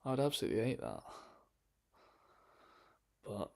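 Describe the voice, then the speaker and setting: A man chatting casually on a livestream, rambling and hesitant with many fillers, sometimes dropping into hushed, half-whispered asides. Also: on the low side, wildly swooping pitch, normal speed, gravelly. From England. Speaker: streamer.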